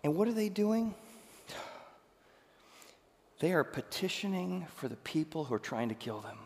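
Male pastor, high voice, acts out a story in his sermon and swings between loud and hushed; reverberant hall. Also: big pitch swings, normal speed.

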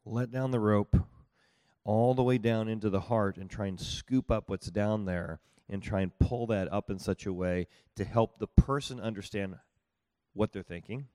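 A man's voice: on the low side, warm tone, dry recording. A middle-aged man, a pastor, teaching on marriage and listening in a folksy, conversational way, often asking his listeners whether it makes sense. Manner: conversational, folksy, asks the audience rhetorical questions.

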